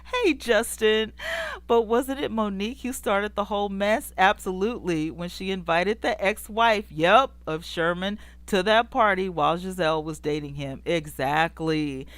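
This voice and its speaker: A woman hosting a casual celebrity gossip show, greeting live chat viewers and scolding the people she talks about in a sassy, animated way, laughing often. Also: medium pitch, measured pace, dry recording. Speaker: show host.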